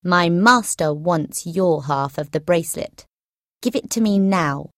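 A woman voicing an angry male goblin captain who gives loud, slow, commanding orders in a storybook reading. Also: lowish voice, no echo, clean studio sound, close to an everyday voice. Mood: threatening.

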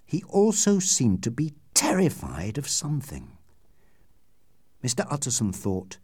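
A man narrates an audiobook in a clear, measured way. His pitch rises and falls widely from phrase to phrase. The recording is dry and close, with no room sound. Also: wildly swooping pitch, darkish tone, no room sound.

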